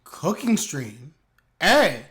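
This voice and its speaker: A man's voice: on the high side, big pitch swings, very slow, fairly bright tone. A young man doing live anime reaction commentary, reacting aloud in bursts with slang, laughter and teasing.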